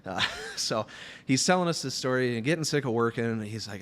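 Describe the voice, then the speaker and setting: A man on a studio podcast as a guest, telling long stories in a rambling, animated way with plenty of fillers. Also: mid-range voice, fairly quick, a little hiss or hum. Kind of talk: casual storytelling chat.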